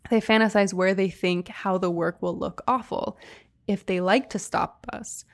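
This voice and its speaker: Young woman podcast host, chatty, reads quotes out loud in a steady storytelling way. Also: mid-range voice. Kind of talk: casual chat, reading quotes aloud.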